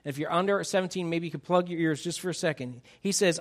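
A man preaching a sermon to his congregation, animated and emphatic, teasing the crowd and acting out quotes. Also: a little high, quick pace, hardly any pauses. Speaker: pastor.

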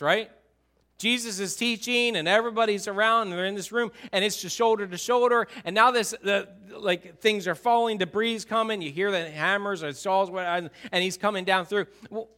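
A male pastor preaching a sermon in a church, telling the story with animated swings from loud to soft. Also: high voice, normal speed. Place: church sanctuary.

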